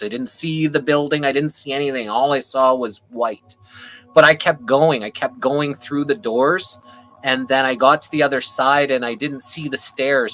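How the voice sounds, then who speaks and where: Bright-voiced man telling a personal story. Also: medium pitch, poor audio. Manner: animated, voice rising with anger, swears casually. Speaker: panel guest. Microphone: video call.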